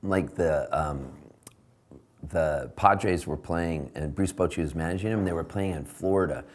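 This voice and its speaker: A man with a deep voice tells a rambling, animated anecdote backstage. He talks casually and loosely, like in a relaxed interview. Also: moderate pace. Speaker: singer-songwriter telling a backstage story. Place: backstage at a tavern venue.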